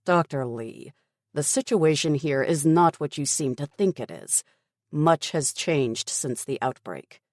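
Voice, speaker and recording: Brisk, stubborn middle-aged male officer, voiced by a woman for an audiobook; clipped, dismissive delivery, dry close mic. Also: low voice, expressive, dry recording. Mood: grim. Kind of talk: audiobook character voice.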